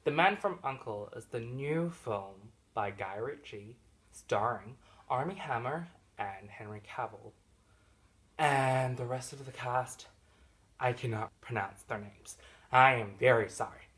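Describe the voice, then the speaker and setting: Here a man gives a chatty film review, jokingly griping straight at the cast. His loudness and pitch swing sharply, from loud, excited outbursts to low, defeated mumbles, and he speaks a little slowly.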